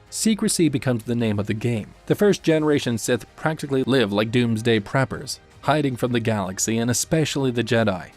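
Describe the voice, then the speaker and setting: A man's voice: medium pitch, darkish tone. A man narrating a scripted explainer video in a breezy, slangy, conversational way. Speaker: narrator of a lore channel.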